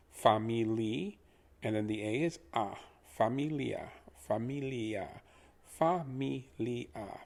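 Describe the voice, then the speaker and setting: Pria pengajar bahasa yang lambat dan sabar. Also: male voice, lowish voice, darkish tone. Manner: patient, repeats words slowly. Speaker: language teacher. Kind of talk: slow pronunciation lesson.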